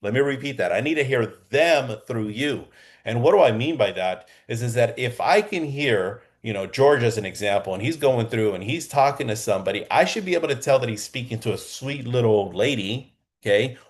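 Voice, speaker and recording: A man coaching real estate agents in a lively, conversational way, often checking in with the listener. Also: medium pitch, fairly quick. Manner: energetic and conversational, keeps checking in with "okay?". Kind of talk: coaching lesson. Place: Southern California.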